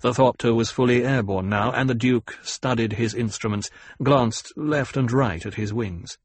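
Guy reading an audiobook, husky voice, dry close sound. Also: medium pitch, normal speed, no room sound. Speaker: audiobook narrator. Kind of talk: scripted narration.

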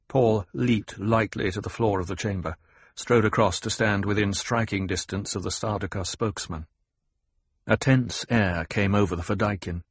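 A man narrating an audiobook in a steady, measured way. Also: fairly low pitch, breathy edge, no room sound. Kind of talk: scripted narration.

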